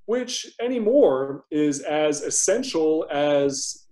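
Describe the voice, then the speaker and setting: A guest investor being interviewed, this man explains things in a measured, conversational manner and often repeats a word as he begins a thought. His voice sits fairly high with lively intonation and a dark tone.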